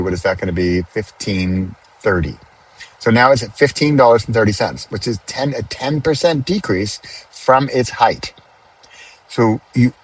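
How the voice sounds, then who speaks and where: A middle-aged man hosting his own podcast, chatting casually and explaining things step by step with little asides, recorded in a car on the highway. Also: breathy edge, poor audio. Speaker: podcast host. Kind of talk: casual solo monologue.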